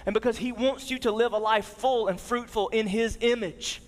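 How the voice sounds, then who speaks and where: In his thirties, this male pastor tells a story from the pulpit in a voice that runs high for a man, at a moderate pace. His delivery swings from energetic emphasis to quiet, low stretches, and a big hall's long reverb hangs on every word.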